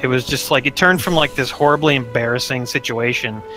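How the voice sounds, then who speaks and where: Male podcast co-host, bright tone, easygoing rambler, faint music bed. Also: medium pitch, fairly quick, low-quality recording. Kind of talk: casual storytelling chat.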